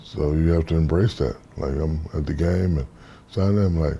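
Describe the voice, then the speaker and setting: A man in his fifties from the United States, an interview guest telling stories in a relaxed, casual way and acting out the voices in them. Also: extremely low pitch, normal speed, a little hiss or hum. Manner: relaxed storyteller, acts out quoted dialogue.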